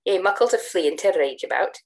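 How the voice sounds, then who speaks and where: A woman voicing a blunt countryman with a gruff manner. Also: fairly low pitch, expressive, a little fast. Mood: scolding. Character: blunt rough Scottish countryman.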